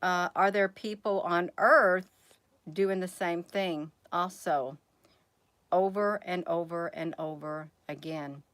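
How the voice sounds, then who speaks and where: A woman's voice: on the low side, fairly even intonation, slow, a bit bright, no room sound. Rambling woman musing aloud. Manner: rambling, asks viewers many rhetorical questions; addresses viewers as "you all". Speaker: channel host. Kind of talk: casual musing vlog.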